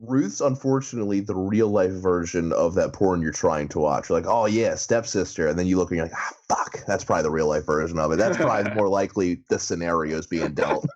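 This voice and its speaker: Man, podcast co-host, casual rambling chat, restarts sentences, lower voice, muffled lo-fi call. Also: brisk, hardly any pauses, darkish tone. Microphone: remote call mic. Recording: lo-fi online call audio.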